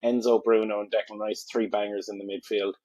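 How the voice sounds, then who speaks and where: A man's voice: on the low side, little pitch movement, brisk, lo-fi sound, a loud crowd. A man co-hosting a fantasy football podcast in casual chat, breaking down teams analytically and thinking aloud with fillers.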